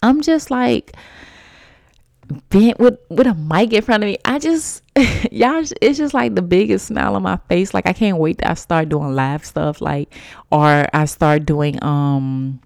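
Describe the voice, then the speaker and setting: A woman's voice: lowish voice, a little slow, gravelly, a little mellow, no echo, studio quality. Chatty woman podcasting. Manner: chatty, rambling, uses "y'all" and "you know"; eating and sipping tea while talking. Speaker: podcast host. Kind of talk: casual solo podcast chat.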